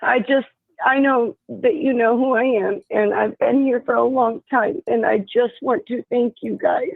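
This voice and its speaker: A woman in her fifties from Tennessee, calling in from a hospital room, her speech slightly slurred after a mild stroke, halting as she searches for words. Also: on the high side, fairly even intonation, vocal fry, breathy edge, no room sound. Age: 50s. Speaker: caller. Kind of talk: call-in chat on a live stream. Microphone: phone line. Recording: tinny dry phone line.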